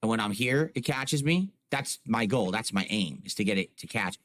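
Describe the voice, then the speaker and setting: A man's voice: fairly low pitch, expressive, normal speed, fairly bright tone, slight background noise. A man streaming from home, chatting casually to his live chat and explaining things with lots of "like" and "you know", close on a desk microphone. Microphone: close desk microphone on a boom arm.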